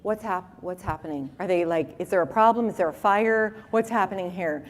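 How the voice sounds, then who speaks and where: A woman's voice: on the low side, a little fast, big-room sound, close to an everyday voice. A woman voicing a puzzled, nervous male delivery driver during a story. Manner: anxious, puzzled.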